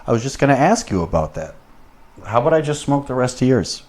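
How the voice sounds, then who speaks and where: A man's voice: mid-range voice, very animated, quick pace, darkish tone. A man hosting a podcast in casual chat, rambling and swearing a lot. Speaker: podcast host.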